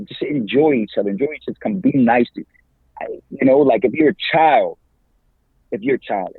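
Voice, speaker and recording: Lively slangy man on a tinny line. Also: mid-range voice, creaky, slightly rough, no room sound. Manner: lively, slangy, laughs often. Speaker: podcast guest, campus minister and evangelist. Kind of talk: casual interview talk. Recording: tinny phone-like line, dry.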